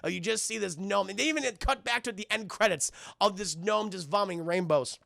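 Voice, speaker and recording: A man streaming a casual, profane episode recap, animated and constantly addressing his chat. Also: high voice, a little fast, gravelly, dry recording, clean studio sound. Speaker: streamer and cartoon reviewer.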